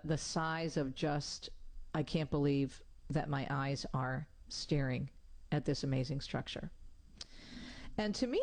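An author and pilgrimage tour host telling travel stories in a chatty, enthusiastic radio talk segment. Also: medium pitch. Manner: enthusiastic, descriptive, warmly chatty.

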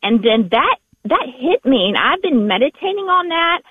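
A woman with a Southern accent calling in to a radio show, speaking earnestly and haltingly, often repeating herself. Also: sits high, big pitch swings, slight background noise. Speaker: radio caller. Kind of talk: call-in radio chat. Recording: phone line.

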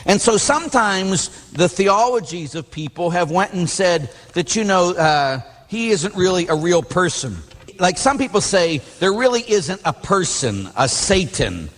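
A man who is a Catholic priest teaching a class, telling stories in a blunt, animated way. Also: high-pitched, unhurried, big-room sound.

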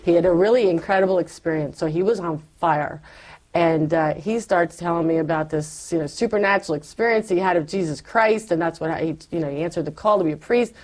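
Speaking briskly in a lowish voice, a middle-aged woman shares her faith story with candor and animation, playing out who she used to be as she talks it through.

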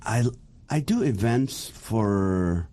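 Animated joking man from the Middle East. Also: fairly low pitch, drawn-out words. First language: Arabic. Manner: animated, joking, laughs often. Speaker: guest comedian. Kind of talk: casual chat.

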